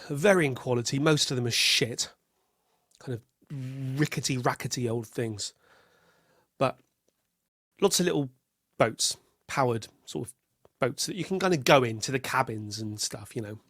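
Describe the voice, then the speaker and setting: A man's voice: mid-range voice, no echo. Wry rambling man, dry close sound. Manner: rambling, wry storytelling with acted-out quotes. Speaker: podcast host. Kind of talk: solo podcast monologue.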